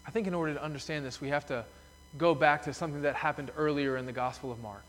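A man's voice: fairly high pitch, fairly even intonation, fast, fairly bright tone. Emphatic preacher man in a reverberant church. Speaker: pastor. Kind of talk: sermon. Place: church sanctuary. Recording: long reverb of a church hall.

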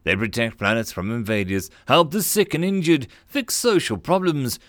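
Guy putting on an eager alien crewmate, earnest, bouncy pitch. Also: expressive, normal speed, a bit bright, dry recording, clean studio sound, natural voice. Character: earnest young-sounding alien male crewman.

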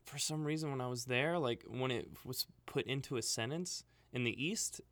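A man's voice: medium pitch, moderate pace, fairly bright tone, no echo. A man talking in a casual chat, reflective and full of "like" fillers, with some Arabic words. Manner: reflective, fillers like "like", laughs at himself.

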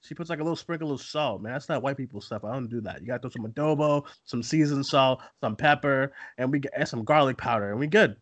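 A man's voice: mid-range voice, fast, hardly any pauses, fairly bright tone, no room sound. Joking man hosting a podcast, dry sound. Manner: joking, rambling, laughs often. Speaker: podcast host. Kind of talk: casual chat.

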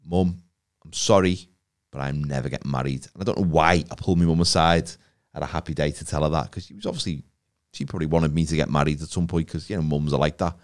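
Brief: male comic co-host, animated pitch, rambling jokey storyteller. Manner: jokey, rambling, self-deprecating. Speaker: podcast co-host. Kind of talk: casual comedy chat.

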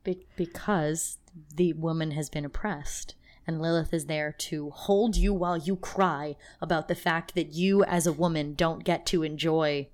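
A woman co-hosting a podcast in casual chat, emotional and halting, laughing through her feelings. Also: low voice, fairly even intonation, a little mellow. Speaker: podcast co-host.

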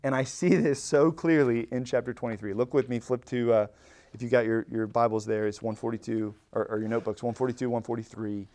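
Teaching a Bible study at church, this man talks at a fairly quick pace in a medium-pitched voice. His delivery is lively and conversational, with frequent restarts and quoted lines performed with building emphasis.

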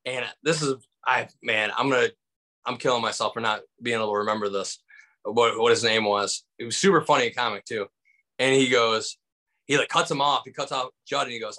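A man from Michigan, a comedian, telling a story in casual conversation with lively acted-out voices and lots of fillers. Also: medium pitch, unhurried, long pauses. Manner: animated, acts out voices in anecdotes, many fillers. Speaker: stand-up comedian guest.

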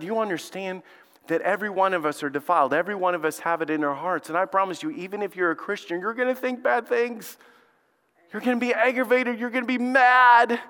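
A man preaching a sermon as pastor, telling stories and acting out quotes with animated delivery. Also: high-pitched, smooth. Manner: animated storytelling, acts out quotes. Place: church sanctuary. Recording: reverberant church hall.

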